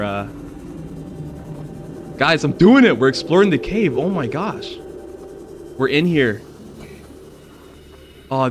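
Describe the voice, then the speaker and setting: A gaming channel host with a medium-pitched voice gives casual let's-play commentary on his own video game. He's excitable and easily startled, swearing and yelling when scared, against a noisy background.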